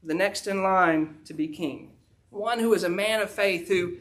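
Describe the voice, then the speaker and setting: Brief: pastor, man, high voice, casual storyteller in the pulpit. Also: a little slow, a bit bright. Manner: folksy storytelling with frequent fillers. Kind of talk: sermon, retelling a Bible story.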